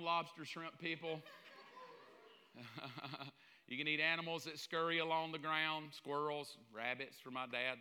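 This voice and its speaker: Animated man preaching in a big hall. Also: fairly high pitch, clean tone. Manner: animated, joking, mimics voices of others. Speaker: pastor. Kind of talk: sermon. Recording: long hall reverb.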